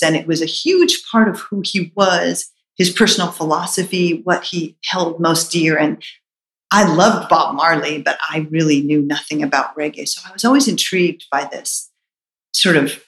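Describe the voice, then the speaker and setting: A woman's voice: deep voice, creaky, fairly bright tone, echoey room, rough recording. A middle-aged woman telling a personal story in a reflective, earnest way, with hesitant restarts.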